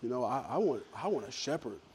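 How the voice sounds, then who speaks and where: A middle-aged man, a pastor preaching a sermon, telling stories in a folksy way with lively swings in loudness. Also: mid-range voice, fast talker, breathy edge.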